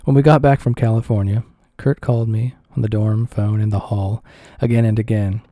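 Dark-voiced man reading a somber memoir. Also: on the low side, fairly even intonation, moderate pace, dry recording, clean studio sound. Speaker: audiobook reader. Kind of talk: first-person memoir narration.

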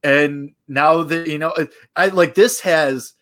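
A man's voice: a little high, slow pace, a bit bright. Man chatting sarcastically about football. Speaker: sports podcast co-host. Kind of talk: casual sports talk.

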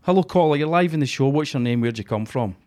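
A man's voice: medium pitch, expressive, fast talker, background noise. A man hosting a podcast, chatting casually and swearing freely. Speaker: podcast host. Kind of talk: casual chat.

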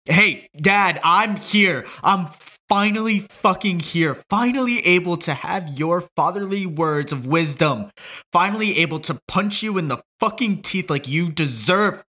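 A man reading a script aloud as a grown son grieving at his dead father's grave, moving from shouting to broken quiet. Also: lowish voice, animated, takes it slowly, pauses often, voice pushed up, heavily acted. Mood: raging. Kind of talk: script read aloud as a monologue.

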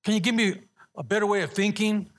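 A man's voice: sits high, steady tone, a little fast. A man preaching a sermon in a conversational way, restarting words and asking the congregation to answer back. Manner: conversational preaching with repeated restarts and call-and-response. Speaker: pastor.

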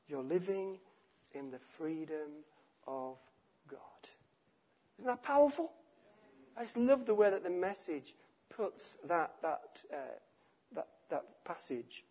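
A man preaching a sermon, emphatic and repetitive, letting his phrases fall quiet at the ends. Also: a little high, unhurried, pauses often. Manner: emphatic, repeats phrases, drops to quiet endings.

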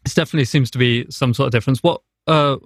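A man hosting a casual interview, asking questions haltingly with fillers. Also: mid-range voice, dry recording, clean studio sound. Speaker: host.

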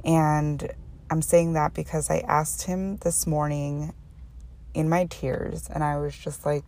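A woman's voice: deep voice, steady tone, measured pace, creaky, warm tone. A woman hosting a personal faith podcast, talking earnestly and emotionally and often restarting her sentences. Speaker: podcast host.

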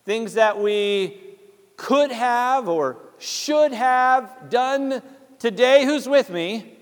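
A man's voice: extremely high pitch, lively intonation, drawn-out words, big-room sound. A male pastor preaching a sermon in a church, speaking conversationally and calling out to the congregation for responses. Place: church sanctuary.

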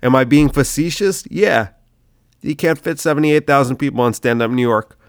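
A man's voice: medium pitch, normal speed, clear, resonant tone, no room sound, clean studio sound. A sick man hosting his comedy podcast, rambling loosely with swearing and lots of "dude". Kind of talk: casual rambling monologue.

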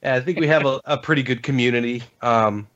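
A man's voice: medium pitch, quick pace, fairly bright tone. A man, a podcast guest, chatting casually about games and rambling through stories with lots of fillers and restarts. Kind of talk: casual gaming chat. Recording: dull lo-fi sound.

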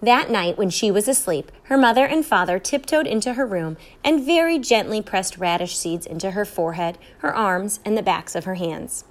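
A woman reading a children's story aloud, with an expressive storytelling lilt. Her voice sits at an average pitch for a woman. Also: moderate pace, hardly any pauses. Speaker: reader.

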